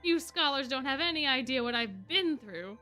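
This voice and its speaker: A woman reading aloud as a bitter young man turned ink monster, taunting and shouting his lines. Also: high-pitched, lively intonation, moderate pace, faint music behind. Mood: furious.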